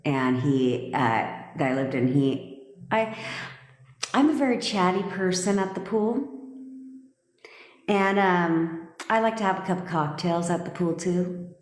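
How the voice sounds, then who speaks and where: A woman's voice: on the low side, animated, a little slow, long pauses. A woman manifestation coach talking to her live stream audience, blunt and emphatic, swearing freely. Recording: echoey room with long reverb.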